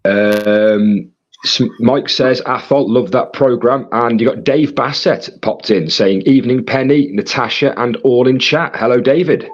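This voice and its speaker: A man with a husky voice, casually reading viewer comments aloud as co-host of a live stream. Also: medium pitch, a little slow, lo-fi sound.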